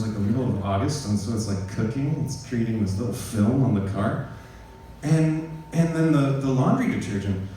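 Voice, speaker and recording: Animated profane man telling a stand-up story. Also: medium pitch. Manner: animated, profane, acts out both sides of a quarrel. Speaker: stand-up comedian. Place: comedy club stage. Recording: echoey club from a distance, faint room noise.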